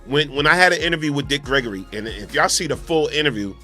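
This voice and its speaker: Animated guy on a call-in radio show, bright forceful voice, soft music behind. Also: medium pitch, quick pace. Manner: animated, talkative storyteller. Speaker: co-host. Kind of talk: casual call-in radio talk.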